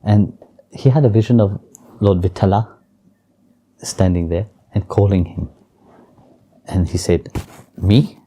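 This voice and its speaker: A low-pitched man with a mellow, dark voice, gently telling spiritual stories in an interview. His phrasing is simple and non-native, and he chuckles softly now and then. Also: measured pace, long pauses. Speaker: spiritual teacher. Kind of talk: storytelling and spiritual teaching in an interview.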